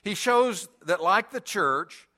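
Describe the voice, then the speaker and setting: Slow, deliberate preaching man. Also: high voice, lively intonation, sharp tone. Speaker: pastor. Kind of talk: sermon.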